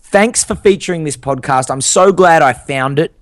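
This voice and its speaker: A man's voice: a little high, normal speed, no echo, studio quality. A young man co-hosting a podcast, telling stories and reading listener reviews in an upbeat, enthusiastic way. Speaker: podcast co-host. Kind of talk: casual chat.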